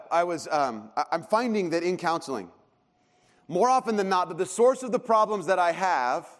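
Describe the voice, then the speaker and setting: A man in his thirties preaching a sermon as a pastor, telling stories in a conversational, self-deprecating way. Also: high-pitched. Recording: long hall reverb.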